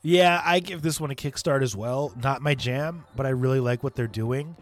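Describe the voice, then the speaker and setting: A man co-hosting a live gaming show, chatting casually in an upbeat, lively way. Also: mid-range voice, normal speed. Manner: lively, upbeat, animated delivery. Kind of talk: casual live-stream chat.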